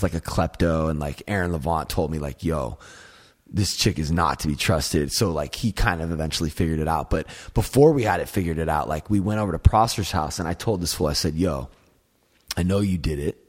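Man, husky voice, lowish pitch, casual chat, rambling, profane, filler-heavy.

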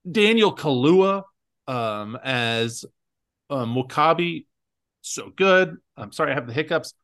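A man's voice: medium pitch, animated, a little slow, fairly bright tone. Rambling, chatty podcast host man. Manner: chatty, rambling with many fillers. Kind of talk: casual chat.

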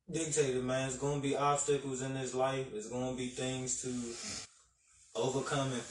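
A man's voice: medium pitch, a little hiss or hum. A man co-hosting a casual live-stream chat, reflective and encouraging, with loose filler words. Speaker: podcast co-host. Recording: roomy, distant mic.

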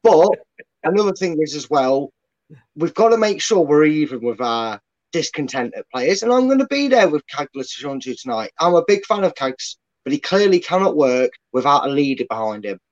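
Opinionated fan on a muffled call. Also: male voice, fairly high pitch, very animated, normal speed. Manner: opinionated, dry. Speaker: guest fan pundit. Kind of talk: casual chat. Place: his bedroom.

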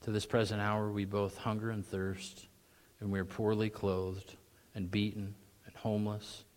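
Animated male preacher, throat clearing. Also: lowish voice, normal speed. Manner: animated, voice rising to mock sarcasm, frequent throat clearing. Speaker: pastor. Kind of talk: sermon.

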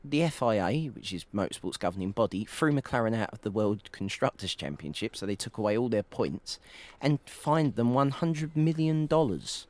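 A man's voice: medium pitch, animated, moderate pace, few pauses, a little mellow. A man talking as a pundit in a radio studio, telling anecdotes in casual sports chat. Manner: chatty storyteller, drifts into anecdotes.

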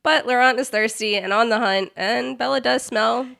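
A woman's voice: a little high, moderate pace, creaky, a bit bright. A woman podcast host giving a giggly, sarcastic recap of a book chapter in casual chat.

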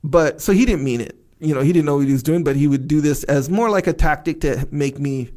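Male podcast co-host, higher voice, loose rambling talker who laughs a lot. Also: fairly quick, darkish tone. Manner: rambling, many fillers, laughs often. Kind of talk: casual chat.

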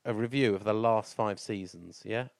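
A man's voice: on the low side, normal speed, gravelly, dry recording, clean studio sound. A man co-hosting a football podcast, joking and bantering in casual chat. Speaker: podcast co-host.

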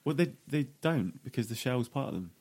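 A man's voice: mid-range voice, expressive, fairly quick, a little mellow, husky. A man co-hosting a podcast, asking playful questions and explaining things in a dry, casual way. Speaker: podcast co-host. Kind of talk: casual chat.

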